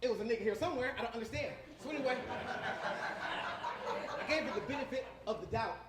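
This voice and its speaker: A man's voice: extremely high pitch, a little fast, recorded from a distance. A man doing a stand-up comedy set, telling crude, rambling stories from a club stage. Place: comedy club stage before a live audience. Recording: roomy club sound with clear background noise.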